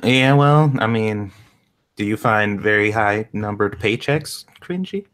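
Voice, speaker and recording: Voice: medium pitch, lively intonation, a little slow, fairly bright tone. A co-host of a live stream, making dry, sarcastic quips in casual chat.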